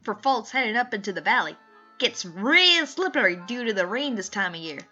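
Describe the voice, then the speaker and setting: A woman's voice: mid-range voice, very animated, normal speed, sharp tone. A woman voicing a cheerful, folksy old male truck driver in a put-on Southern US accent. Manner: folksy, drawling, friendly. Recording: slightly muffled, faint music behind.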